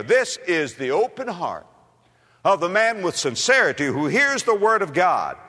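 A male preacher delivering a fervent revival sermon in a bright, ringing voice that climbs high and drops low. He fires off rhetorical questions and swings from near-shouts to hushed lines. His voice carries a long echo through a church hall. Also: very animated, measured pace, breathy edge. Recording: echoey hall.

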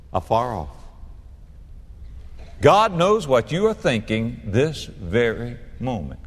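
Male pastor, sermon, lively swooping pitch, long church reverb, dramatic emphasis. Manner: dramatic, swings between loud emphasis and soft asides. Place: church sanctuary. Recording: long reverb of a large sanctuary.

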